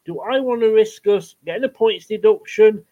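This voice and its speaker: Male podcast co-host, high voice, blunt and sweary, muffled recording. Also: normal speed, warm tone. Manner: blunt, swears, rambling with fillers. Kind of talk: casual football chat. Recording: dull lo-fi sound.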